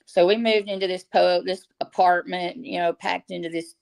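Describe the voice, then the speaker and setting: A woman's voice: lowish voice, steady tone, normal speed, gravelly, darkish tone. A woman guest telling her story earnestly in a casual interview. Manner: earnest, faith-driven storytelling.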